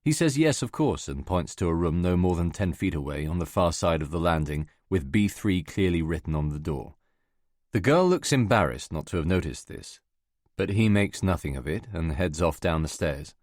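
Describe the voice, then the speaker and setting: A man giving measured, scripted first-person narration of a novel for an audiobook. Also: low voice, expressive, a little mellow, no room sound, clean studio sound.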